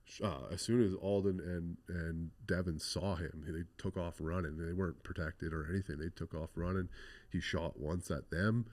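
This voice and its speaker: Deep-voiced man telling a rough story. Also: steady tone, moderate pace, darkish tone. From Canada. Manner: rambling, swears often, full of "like". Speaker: podcast guest. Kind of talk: casual storytelling interview.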